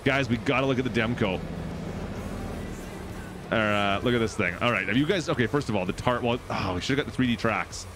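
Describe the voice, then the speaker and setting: This is an excitable man hosting a live farming game stream, chatting away with his viewers. His voice sits at an ordinary middle pitch. Faint music plays behind him. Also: a little fast, pauses often. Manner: excitable, chatty, talks to chat. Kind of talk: live gameplay commentary.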